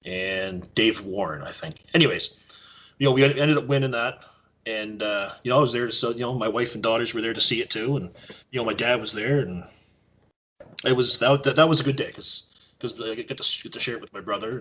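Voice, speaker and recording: A man's voice: mid-range voice, brisk, husky. A man from Canada, a podcast guest, telling casual stories and acting out quoted lines. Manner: animated storyteller acting out quotes. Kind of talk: casual storytelling.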